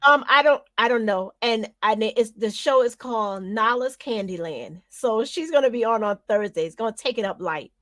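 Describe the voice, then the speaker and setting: A woman's voice: a little high, lively intonation, moderate pace, hardly any pauses, a bit bright, no room sound. A woman hosting a live-streamed talk show, chatting casually with her co-host and laughing often.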